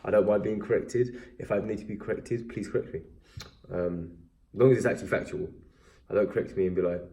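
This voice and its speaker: Rambling, mellow-voiced English man. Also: deep voice, quick pace. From England. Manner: rambling, self-deprecating, animated when excited. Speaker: MMA vlogger. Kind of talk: casual recap chat.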